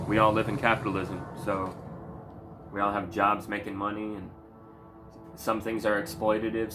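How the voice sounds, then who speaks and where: A man ranting in a casual commentary video, heated and sarcastic, swearing often. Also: lowish voice. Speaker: video creator.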